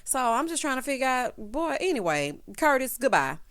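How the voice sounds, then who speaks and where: A woman's voice: high voice, big pitch swings, moderate pace, fairly bright tone, clean tone. A woman recapping a reality show in a chatty, sassy way, full of quips like "child" and "honey". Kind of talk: casual opinionated show recap.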